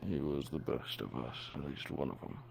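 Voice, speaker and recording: A man playing a solemn knight of a lord's household in a live role-play, speaking low and measured. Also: vocal fry, a little mellow, soft background music, exaggerated voice.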